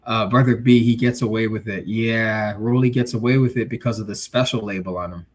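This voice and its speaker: A man's voice: on the low side, fairly quick. A male livestream host chatting casually, reading viewer comments and giving blunt, slangy takes. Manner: blunt, animated, street slang.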